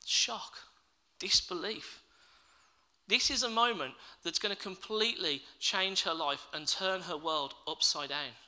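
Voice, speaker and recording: A man's voice: high voice, unhurried, pushed and bright, rough recording. A man preaching a sermon, reading scripture and then reflecting aloud and asking his listeners questions.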